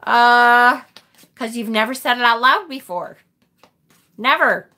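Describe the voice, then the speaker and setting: A woman with a fairly high, bright, forceful voice speaks slowly while hosting a live tarot stream. She talks casually and animatedly, letting the occasional mild swear slip.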